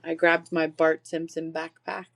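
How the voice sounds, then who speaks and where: A woman's voice: sits low, flat delivery, unhurried, creaky, a bit bright. A woman in her forties, a podcast guest telling her own story openly, swearing freely and laughing through painful memories. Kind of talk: personal storytelling.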